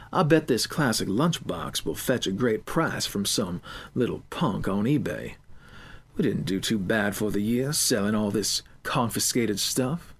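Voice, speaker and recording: A man voicing a crooked older female school guard who talks slowly and slyly. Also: on the low side, slightly rough, exaggerated voice. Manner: slow, sly, extorting.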